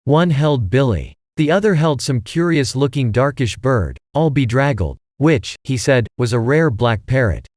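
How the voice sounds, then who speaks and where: A man reading an audiobook, voicing an elderly male stage actor who talks in a slow, theatrical, drawn-out way. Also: medium pitch, big pitch swings, darkish tone, dry recording, studio quality. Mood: recounting.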